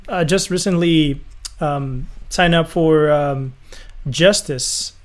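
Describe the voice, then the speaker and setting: A man co-hosting a podcast in relaxed, casual chat. He speaks a touch high and feels his way through sentences with fillers and small restarts. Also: takes it slowly. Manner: hesitant, many fillers and restarts, easygoing. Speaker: podcast co-host, music producer.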